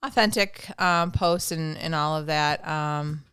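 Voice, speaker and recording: A woman in her forties chatting as a podcast guest, easygoing and quick to laugh. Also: low voice, a bit bright, smooth, no echo, studio quality. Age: 40s. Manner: easygoing, laughs often, loses her train of thought. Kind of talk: casual chat.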